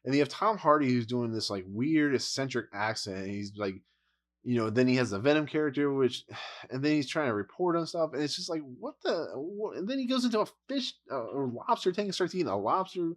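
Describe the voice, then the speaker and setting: A man's voice: medium pitch, animated, a little fast. Man, casual review rant, blunt, exasperated, rambling. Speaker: movie reviewer.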